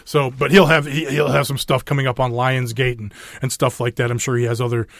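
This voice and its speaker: A man's voice: medium pitch, flat delivery, fairly quick, vocal fry, no room sound, studio quality. A man co-hosting a podcast in casual chat, rambling through recaps with many restarts and fillers. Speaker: podcast co-host.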